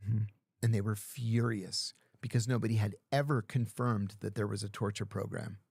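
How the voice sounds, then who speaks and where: A man's voice: lowish voice, steady tone, normal speed, gravelly, a little mellow, slightly rough, no echo, clean studio sound. A middle-aged man telling stories in casual talk, acting out other people's lines as he goes. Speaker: podcast guest. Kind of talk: casual storytelling.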